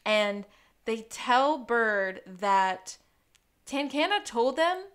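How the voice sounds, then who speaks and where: A woman co-hosting a podcast, recapping an episode in casual chat, laughing often and acting out quotes. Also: a little high. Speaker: podcast co-host.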